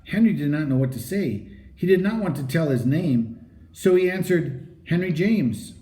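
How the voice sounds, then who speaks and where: A man reads a children's story aloud with a lively, rising and falling delivery and a mellow, soft-edged tone. His narration is animated and expressive. The recording has a noticeably roomy echo. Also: on the high side, normal speed. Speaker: audiobook reader.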